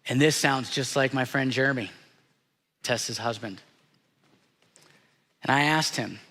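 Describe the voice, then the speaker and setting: A pastor delivering a sermon in a church, speaking in an earnest, reflective way and dropping softly at the hard moments. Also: male voice, medium pitch, slow, long pauses. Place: church sanctuary. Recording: church sanctuary with long reverb.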